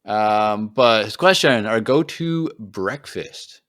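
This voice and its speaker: A man's voice: on the low side, animated, slow, a bit bright, dry recording, studio quality. A man co-hosting a podcast, chatting casually and self-deprecatingly with plenty of fillers. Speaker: podcast co-host.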